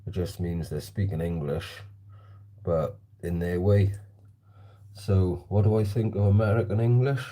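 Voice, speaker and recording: A man's voice: deep voice, fairly even intonation, unhurried, dark tone. A man vlogging casually while shooting targets with a slingshot, chatting and answering viewer comments. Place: indoor hallway.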